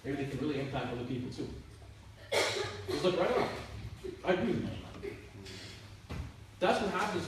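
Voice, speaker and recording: A man's voice: fairly high pitch, a little mellow. A man, a youth minister, telling stories to a youth group in a casual, chatty way with lots of filler words. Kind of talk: youth group talk, storytelling. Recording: echoey room, mic far off, faint hiss.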